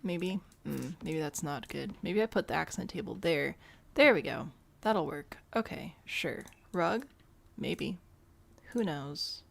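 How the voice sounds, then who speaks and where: A woman's voice: low voice, expressive, takes it slowly, gravelly. A young woman giving casual, rambling gameplay commentary, thinking aloud and poking fun at herself. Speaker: gameplay host.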